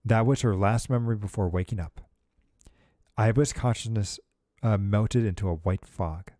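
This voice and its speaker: A male streamer reads a game's story text aloud in a casual way, breaking off for asides. His voice is dark and mellow. The recording is dry and close. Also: fairly low pitch, moderate pace, dry recording. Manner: casual, with filler asides and restarts. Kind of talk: reading game text aloud while playing.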